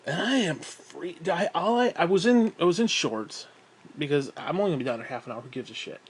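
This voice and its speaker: A man's voice: on the high side, lively intonation, a little fast, husky. A young man rambling through a casual, profane vlog monologue, often breaking into laughs and sighs. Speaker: vlogger.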